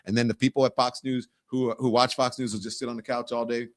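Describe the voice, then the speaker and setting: A man's voice: medium pitch, flat delivery, fast talker, dry recording, clean studio sound. A middle-aged man from the Southern US hosting casual political commentary, rambling and conversational, with many restarts. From Southern United States. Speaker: host.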